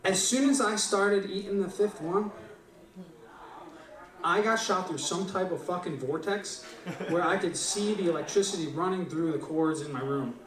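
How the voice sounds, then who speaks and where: A man's voice: high-pitched, moderate pace. A young man at an open mic, rambling through a profane story and often tagging lines with "right?". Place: small live venue stage. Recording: echoey room, distant mic.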